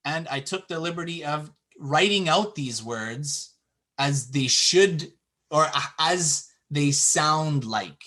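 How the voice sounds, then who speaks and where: A man teaching a classroom lesson, explaining patiently and drawing out example words slowly. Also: on the high side, pushed and bright. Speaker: Arabic teacher.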